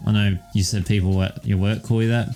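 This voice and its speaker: Laid-back man, low voice. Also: flat delivery, a little fast, mellow, faint music behind. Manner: rambling and profane, with many ums and "all right"s. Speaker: podcast co-host. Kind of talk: casual chat.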